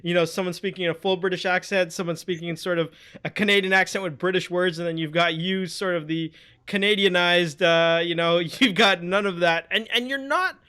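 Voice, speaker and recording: A man's voice: high voice, fairly even intonation, fairly quick, pushed and bright, clean tone. A man hosting an interview show, upbeat and encouraging toward his guest. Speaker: podcast host. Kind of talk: casual interview talk.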